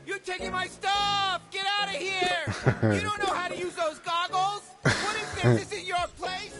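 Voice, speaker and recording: A man's voice: very high voice, measured pace. A man voicing a furious, territorial tree-dwelling man in a comedy video game, screaming and swearing possessively over his things. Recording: game audio under loud soundtrack music.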